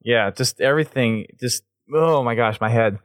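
A man hosting a casual podcast, excitable, laughing often and trailing off mid-sentence. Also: mid-range voice, normal speed, no room sound, clean studio sound. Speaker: podcast host.

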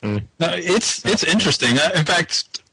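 A man's voice: fairly high pitch, very animated, measured pace, bright, forceful tone, breathy edge, dry recording, poor audio. Hesitant male podcast co-host. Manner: hesitant, restarts often. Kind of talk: casual group chat.

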